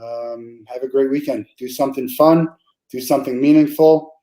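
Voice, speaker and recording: A man's voice: mid-range voice, steady tone, normal speed, warm tone, low-quality recording. A man hosting a podcast interview, chatting casually, with frequent restarts and fillers. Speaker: podcast host.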